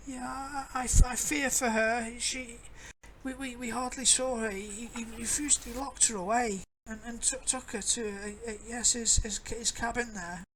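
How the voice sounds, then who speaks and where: A woman's voice: a little high, fairly even intonation, moderate pace, a bit bright, slight background noise, voice pushed up, natural voice, poor audio. Woman doing a stammering old village crone. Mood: fearful. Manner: stammering, repeating words nervously. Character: bent old village woman, gossipy and fearful.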